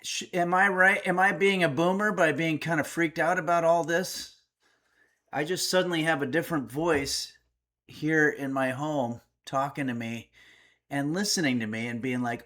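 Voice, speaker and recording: A man's voice: a little high, fairly even intonation, normal speed, sharp tone. A man hosting a casual home livestream, reading viewer messages aloud and answering with wry, chatty remarks. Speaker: streamer and cooking host.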